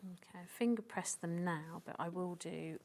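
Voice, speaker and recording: A woman's voice: lowish voice, a little slow, darkish tone. A woman demonstrating sewing on a live shopping show, explaining step by step in a chatty way.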